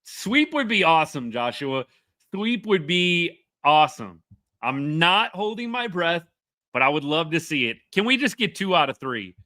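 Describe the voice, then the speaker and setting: A man's voice: on the high side, sing-song, moderate pace, bright, forceful tone, no room sound, clean studio sound. A man hosting a casual live reaction stream, chatty and upbeat as he reads viewer comments. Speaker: livestream host.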